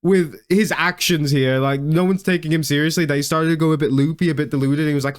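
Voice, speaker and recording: A man's voice: fairly high pitch, steady tone, fast, few pauses, smooth. A young man doing comedic reaction commentary, mocking and laughing often, with stammers and restarts. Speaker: video commentator.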